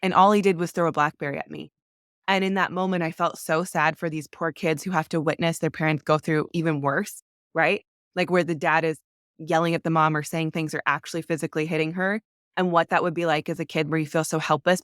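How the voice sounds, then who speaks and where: A woman's voice: sits low, clear, resonant tone, no room sound, studio quality. A woman in her thirties, a podcast guest, telling her story candidly and earnestly, with many "like" fillers.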